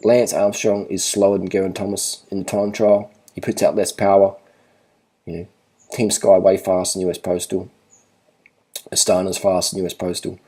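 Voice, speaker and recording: A deep, dark, husky-voiced man talks over cycling footage. He is blunt and swears freely, and he hammers each point home by saying it again and again. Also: little pitch movement, normal speed. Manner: blunt, profane, repeats himself for emphasis. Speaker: cycling vlogger. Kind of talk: casual commentary over race footage.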